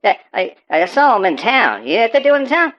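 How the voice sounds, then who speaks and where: A performer with a medium-pitched, close-to-everyday voice, very animated and a little fast, plays a paranoid rural farmer calling into a show as an interviewee. He rants profanely about super pigs, rambling and stammering, on dull, muffled audio.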